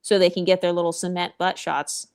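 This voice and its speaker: A woman's voice: lowish voice, little pitch movement, a little fast, darkish tone, clean tone. A woman vlogger giving blunt, opinionated commentary, sassy and profane, with mocking asides.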